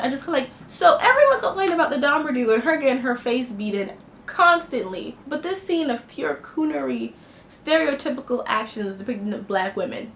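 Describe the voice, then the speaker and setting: A woman gives an impassioned, blunt film review, indignant and opinionated in a casual way. Her voice sits high and a bit bright, recorded in an echoey room with faint noise.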